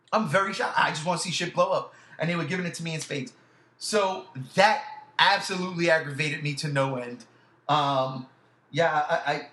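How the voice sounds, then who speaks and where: Bright high-voiced man ranting casually. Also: echoey room. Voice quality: loud animated outbursts, heavy swearing. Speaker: podcast co-host. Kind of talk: casual chat.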